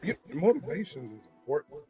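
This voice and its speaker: A man co-hosting a casual morning livestream over a video call, relaxed and chatty, giving shout-outs. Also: fairly high pitch, brisk, faint music behind. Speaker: co-host.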